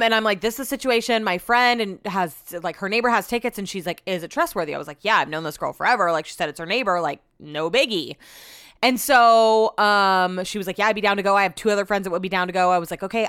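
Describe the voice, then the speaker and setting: A woman's voice: medium pitch, fairly bright tone, smooth. A young woman hosting her podcast, casually telling a long story, chatty and swearing often. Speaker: podcast host.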